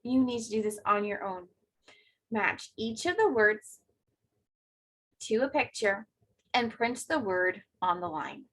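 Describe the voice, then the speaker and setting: A woman teacher giving a remote phonics lesson to second graders, speaking clearly and encouragingly to young children. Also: medium pitch, expressive, slow, pauses often, a bit bright, low-quality recording.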